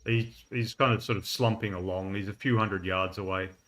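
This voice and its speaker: A man running a tabletop game with a low voice that still has a bright, forward edge. He describes the scene loosely, with frequent ums and easy laughter. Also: brisk. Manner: relaxed, laughs often, fillers while describing. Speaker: game master.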